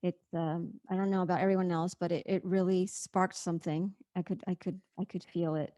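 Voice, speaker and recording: A woman's voice: lowish voice, little pitch movement, dark tone, dry recording. Effusive woman host, dry sound. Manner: effusive, halting with restarts. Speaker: rally host. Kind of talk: casual online event hosting.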